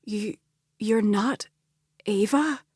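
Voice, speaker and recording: A woman reading an audiobook, voicing a shocked middle-aged mother who stammers in a slow, breathy whisper. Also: mid-range voice, a little mellow, no room sound, studio quality. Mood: stunned.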